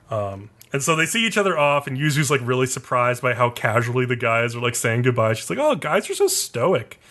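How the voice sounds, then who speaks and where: A man's voice: medium pitch, fairly bright tone. A man co-hosting a podcast, casually recapping an anime episode and leaning on lots of filler words. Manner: rambling, heavy on "like" fillers. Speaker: podcast co-host.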